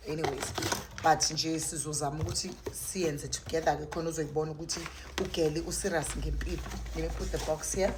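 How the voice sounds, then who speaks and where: A woman's voice: fairly low pitch, noisy background. Chatty woman vlogging. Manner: chatty, switching between languages, bursts of excitement. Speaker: content creator. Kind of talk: casual vlog chat.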